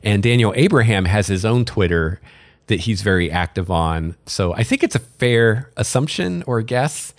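A male podcast host with a lowish voice talks in a relaxed, chatty way, dropping casual fillers and a bit of dry sarcasm. His voice is recorded close and dry. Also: moderate pace, no echo. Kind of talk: casual chat.

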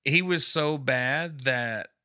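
Animated man telling stories, dry close mic. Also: slow, smooth, dry recording. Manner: animated storyteller who acts out quotes with high squeals and laughs. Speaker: comedian guest. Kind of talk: casual podcast storytelling.

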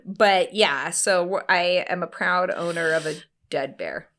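A woman in her thirties telling a story on a casual podcast in an animated way, full of "like" and acted-out quotes. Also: lowish voice, measured pace, a little hiss or hum. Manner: animated, lots of "like", acts out quotes. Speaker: podcast co-host.

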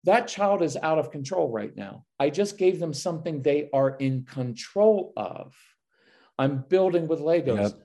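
A man's voice: a little high, measured pace, creaky. A man guesting on a podcast, giving parenting advice and acting out what he says to his kids. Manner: energetic, acts out parent and child lines. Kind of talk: casual podcast conversation.

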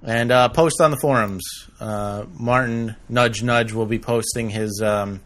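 A man's voice: mid-range voice, fairly even intonation, measured pace, a bit bright. A man hosting a casual comedy podcast, joking around and laughing often. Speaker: podcast host.

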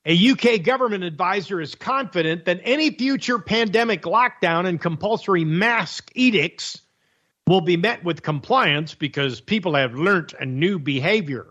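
A man's voice: high-pitched, lively intonation, normal speed, a bit bright. A man hosting a talk radio show, delivering a sarcastic, mocking monologue on the news and laughing at his own jokes. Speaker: radio host. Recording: dull lo-fi radio audio.

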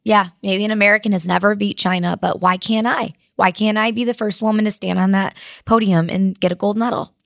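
A woman's voice: mid-range voice, steady tone, a little fast, gravelly, hardly any pauses, dry recording, clean studio sound. A young woman athlete being interviewed, telling her story with many "like" fillers, near tears and laughing through it. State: crying. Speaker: weightlifter guest.

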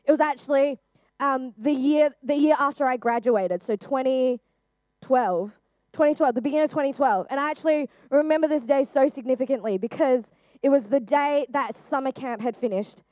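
A young woman, a youth speaker, shares her personal testimony earnestly and chattily, filling it with lots of "um" and "like." Her voice is slightly high and a little mellow, at normal speed, recorded close and dry with no room echo.

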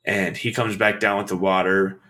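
A young man telling a listener a personal story in a halting way, with many restarts and fillers. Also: low voice, level tone, pushed and bright. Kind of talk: personal account in a conversation.

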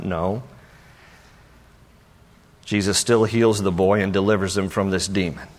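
A man preaching a sermon, telling a Bible story with playful acted-out voices, then turning softer and earnest. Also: on the low side, fairly even intonation, a little slow, pauses often, big-room sound. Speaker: pastor.

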